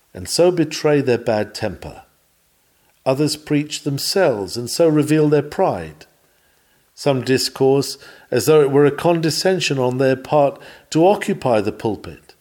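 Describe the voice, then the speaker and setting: A man's voice: mid-range voice, darkish tone. Earnest man reading an old sermon. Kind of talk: reading an old-fashioned sermon text aloud.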